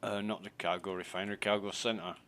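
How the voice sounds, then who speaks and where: A man's voice: lowish voice, flat delivery, fairly quick, a bit bright, slight background noise. A man commentating casually on his gameplay, thinking aloud, muttering and swearing. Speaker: game streamer.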